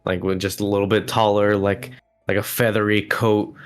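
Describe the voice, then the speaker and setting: A man at a tabletop game explains what his character does. His voice sits on the lower side. He talks loosely, with plenty of fillers. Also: level tone, moderate pace, clear, resonant tone, faint music behind. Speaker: player. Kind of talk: casual chat at a game table.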